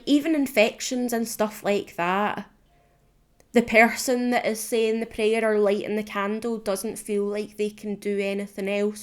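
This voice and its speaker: A young woman hosting a solo podcast, talking candidly and rambling a little, laughing often and swearing casually. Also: medium pitch. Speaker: podcast host.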